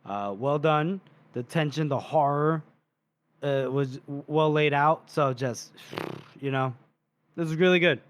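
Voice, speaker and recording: A man's voice: a little high, measured pace. A man co-hosting a book podcast, recapping a chapter in casual chat and acting out the characters' lines as he goes. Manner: animated retelling that acts out characters' lines. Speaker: podcast co-host.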